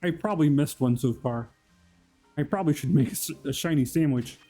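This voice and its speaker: Chatty, mellow-voiced man streaming a game. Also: a little high, fairly quick, soft background music. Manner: chatty, laughs often, talks to chat by name. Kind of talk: casual live-stream chat while playing.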